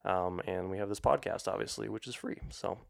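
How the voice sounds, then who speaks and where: A man hosting a podcast, talking in an easygoing, halting way. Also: lowish voice, vocal fry. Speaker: podcast host. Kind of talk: casual podcast chat.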